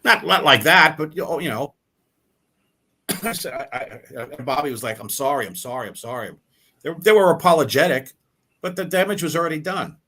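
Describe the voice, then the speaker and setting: Older male musician, interview guest; animated anecdotes, acts out other people's lines, many restarts. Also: fairly high pitch, normal speed. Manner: animated storyteller who acts out quoted dialogue; frequent repeated words and restarts. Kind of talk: storytelling in a casual interview.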